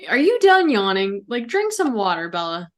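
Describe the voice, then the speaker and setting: A woman's voice: medium pitch, big pitch swings. Teasing woman podcast host. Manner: teasing, quick questions. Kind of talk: casual chat.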